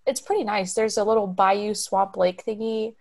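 A woman's voice: medium pitch, steady tone, normal speed, gravelly, a little mellow. A young woman, telling a story on a podcast in a chatty way. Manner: chatty, acts out quoted voices. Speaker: podcast co-host.

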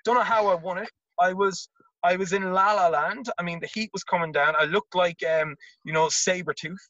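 A man with an Irish accent, a former college tennis player telling a story in a casual interview, animated and repeating words as he acts out quotes. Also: high voice, moderate pace, no echo, lo-fi sound. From Ireland.

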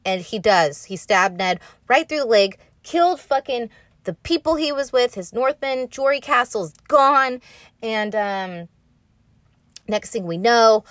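A woman's voice: a little high, unhurried, fairly bright tone, dry recording. Sarcastic, swearing young woman vlogger. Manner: profane, sarcastic, rambling. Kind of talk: casual story recap.

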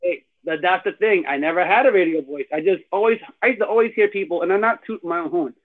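A man's voice: high-pitched, quick pace. A middle-aged man from Canada hosting a podcast, chatting casually in slang and laughing often. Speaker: podcast host. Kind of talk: casual chat. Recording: tinny phone-line sound.

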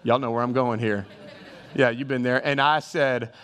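A man's voice: medium pitch, steady tone, moderate pace, a bit bright, clean tone. A male pastor preaching a sermon with humor, calling out to his congregation. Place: church sanctuary. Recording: reverberant church hall.

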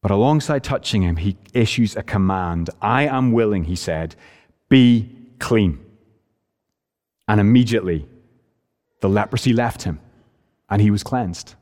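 A man preaching a sermon in an earnest, emphatic way, speeding up and slowing down to stress his points. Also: on the low side, a little mellow. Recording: preached in a reverberant hall.

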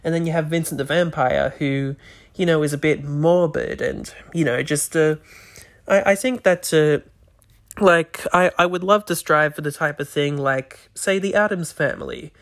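Rambling man with a gravelly voice. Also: on the high side, normal speed, a bit bright. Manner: rambling, hesitant, many restarts. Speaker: podcast host. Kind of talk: casual chat.

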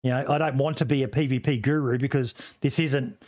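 A man's voice: mid-range voice, steady tone, brisk, a little mellow. A man streamer chatting casually about games, rambling and swearing with lots of fillers and restarts. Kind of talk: casual gaming podcast chat.

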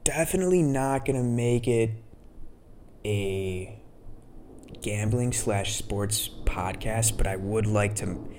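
Laid-back low-voiced man rambling. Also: slow pace, a little mellow, a little hiss or hum. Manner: laid-back, profane, storytelling. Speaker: podcast host. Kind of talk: casual rambling monologue.

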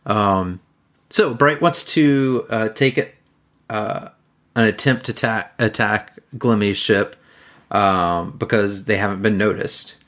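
Low-voiced, rambling podcast host. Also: male voice, takes it slowly, a bit bright. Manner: rambling, self-deprecating, many fillers. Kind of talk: casual podcast chat.

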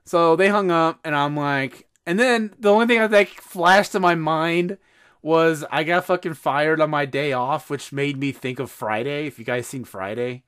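A man hosting a podcast, telling a story in casual chat, animated and swearing freely. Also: on the high side, a little slow, smooth. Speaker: podcast host.

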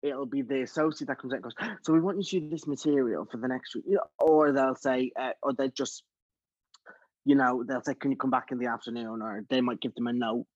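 A musical theatre actor in his thirties, with a brisk medium-pitched voice, tells stories in a casual chat and animatedly acts out other people's voices. The recording is close, dull, and dry with no echo.

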